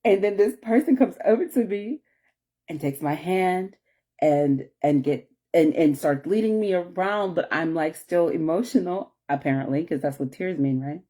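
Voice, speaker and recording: Soft-toned woman musing in a vlog. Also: fairly low pitch, moderate pace. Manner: emotional, rambling, many restarts and apologies. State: tearful at moments. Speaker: vlogger. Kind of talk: reflective personal vlog.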